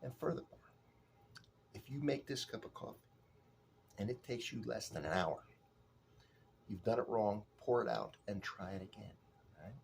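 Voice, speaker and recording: A man's voice: on the low side, lively intonation, moderate pace, gravelly, long pauses, a little mellow, slight background noise. A man voicing a pompous, condescending male coffee snob who lectures and sometimes drops to a whisper, in a comedic parody.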